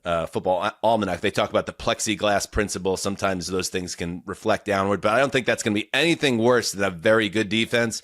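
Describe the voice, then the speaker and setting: A man with a fairly low voice hosting a sports podcast. He rambles enthusiastically and often restarts his sentences. The recording is dry and close. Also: a bit bright, no echo. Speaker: podcast host. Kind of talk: casual sports chat.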